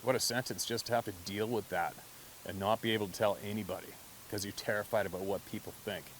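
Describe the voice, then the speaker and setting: An adult man telling a story in a relaxed, conversational way, with frequent swearing and bursts of laughter. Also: on the low side, fast, a little hiss or hum, rough recording. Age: adult, past mid-twenties. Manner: conversational, profane, laughs often. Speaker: hunter telling encounter stories. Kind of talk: casual spoken storytelling.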